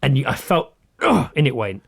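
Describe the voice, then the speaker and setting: A man's voice: medium pitch, a little fast. A man co-hosting a podcast, telling a story in casual chat and acting out what people said, with a lot of swearing. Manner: animated, acts out quotes with swearing. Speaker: podcast co-host.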